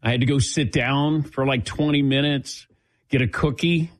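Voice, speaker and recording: A man's voice: medium pitch, fairly even intonation, moderate pace. A middle-aged man hosting a casual sports talk show, telling self-mocking stories and acting out the voices of the people in them, a little lightheaded. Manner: self-mocking storyteller, acts out quotes. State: lightheaded after giving blood. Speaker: sports radio host.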